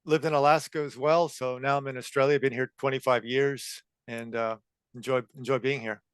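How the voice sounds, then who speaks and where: Man, fifties, from California, interview guest, measured, smooth, dry close sound. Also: medium pitch, flat delivery, dry recording. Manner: measured, with frequent uh fillers. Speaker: guest, copywriter. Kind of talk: interview answers.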